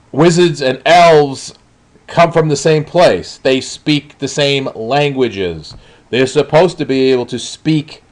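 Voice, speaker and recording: A man's voice: medium pitch, darkish tone. A man reviewing a show in a blunt, exasperated way, with frequent ums and uhs. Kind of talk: spoken review.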